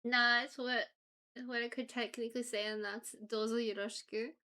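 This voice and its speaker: A woman's voice: on the high side, little pitch movement, normal speed, pushed and bright, clear, resonant tone. A woman livestreamer chatting casually with viewers in a playful, giggly way. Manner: playful, giggly, drifts into Japanese phrases.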